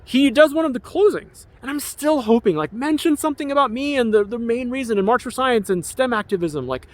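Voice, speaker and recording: A man's voice: extremely high pitch, expressive, brisk. A man in his forties, an activist, delivering an emotional, rambling personal documentary monologue with an aggrieved tone. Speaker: activist and filmmaker.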